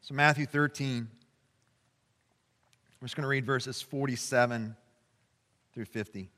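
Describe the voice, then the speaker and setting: A man's voice: mid-range voice, fairly even intonation, measured pace, sharp tone. Passionate pastor in his forties, reverberant church. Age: 40s. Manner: passionate, conversational, lots of fillers and restarts. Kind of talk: sermon. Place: church sanctuary. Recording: long reverb in a church hall.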